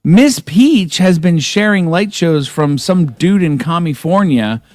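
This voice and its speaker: A high-voiced man jokes crudely and laughs easily on a casual livestream. His pitch moves in an animated way, and the sound is dry and close. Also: measured pace, no echo. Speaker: livestream co-host.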